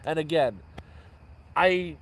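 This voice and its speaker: A man's voice: a little high, expressive, slow, a bit bright, rough recording. Rambling man telling stories outdoors. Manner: rambling, self-correcting storyteller. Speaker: vlogger living outdoors. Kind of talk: casual storytelling livestream. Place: outdoor camp at night by a fire.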